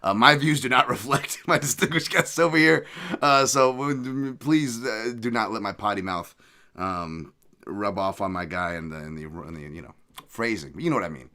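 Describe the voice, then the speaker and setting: A man's voice: lowish voice, moderate pace, pushed and bright. A man hosting a podcast, rambling casually with jokes and profane asides. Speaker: podcast host.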